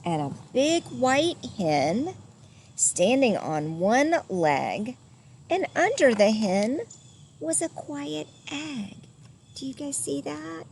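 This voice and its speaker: A woman reads a children's story aloud at an unhurried pace, her voice rising and falling widely. She makes the animal sounds herself and stops to ask her young listeners questions. A faint noise sits behind her. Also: high voice, gravelly. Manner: gentle and lively, doing animal sounds and asking listeners questions. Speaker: storyteller reading a picture book to children.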